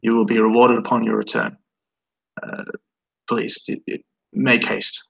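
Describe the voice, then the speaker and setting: Man doing a weary jarl, war leader, gravelly, husky, halting orders. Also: mid-range voice, level tone, muffled recording. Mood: brisk.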